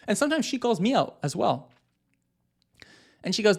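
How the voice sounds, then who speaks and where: A man's voice: sits high, very animated, brisk, gravelly, pauses often. A man in his thirties, a marriage coach, giving a direct and emphatic talk to husbands with frequent fillers.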